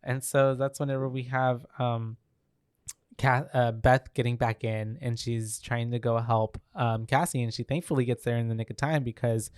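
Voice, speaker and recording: A man's voice: medium pitch, little pitch movement, moderate pace, a little mellow, clean tone, no echo, studio quality. A man co-hosting a podcast, recapping a film in loose casual chat, swearing freely and filling gaps with "um" and "like".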